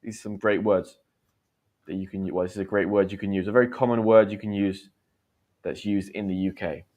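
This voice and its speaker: A man in his thirties teaching English slang live, chatty, explaining with quick examples and acted lines. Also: on the low side, fairly even intonation, a little mellow. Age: 30s. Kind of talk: live-streamed English lesson.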